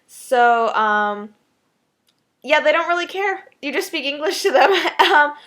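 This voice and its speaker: A woman's voice: high voice, slow pace, fairly bright tone. Chatty young American woman vlogger. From Texas, USA. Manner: chatty and upbeat, with frequent ums and laughs. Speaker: vlogger answering viewer questions. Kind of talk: casual Q&A vlog.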